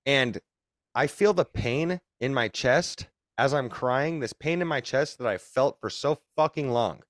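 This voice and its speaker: A man's voice: medium pitch, lively intonation, measured pace, no echo. Young man, podcast guest, rambling and profane, dry close sound. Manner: rambling, profane, emphatic retelling. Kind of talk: casual podcast storytelling.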